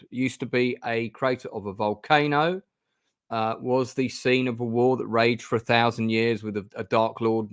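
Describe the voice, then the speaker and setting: This middle-aged man's medium-pitched voice has a slight brightness, heard in an echo-free, studio-quality recording. Hosting a gamebook stream, he rambles casually with many ums and restarts.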